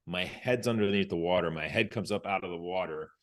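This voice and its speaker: A man's voice: sits low, a little fast, fairly bright tone. A man from the United States, a former Navy SEAL, telling a story as a podcast guest. He talks casually, acts out what people said and restarts his phrases.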